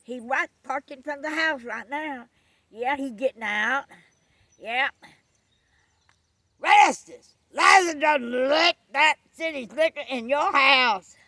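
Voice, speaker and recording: A woman voicing an excitable, nosy country man who gawks and exclaims breathlessly. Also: high-pitched, no echo, voice pushed up, heavily acted.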